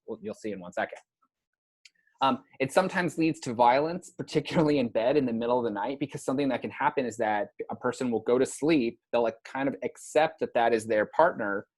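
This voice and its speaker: A man delivers a relaxed university lecture at a mid-range pitch. He talks conversationally and drops into short acted-out lines when he voices a patient.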